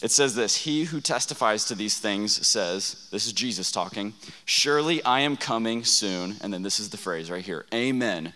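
A young youth pastor preaches to a student camp at normal speed, his lowish voice bright, forceful and animated. He tells stories conversationally and asks the room questions, with the long reverb of a large hall around him.

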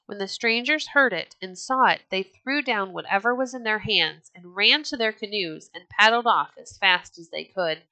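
Narrating a children's storybook, a woman uses a mid-range voice that's bright and clear, reading aloud in a measured, expressive style. It's recorded close and dry, with no room sound.

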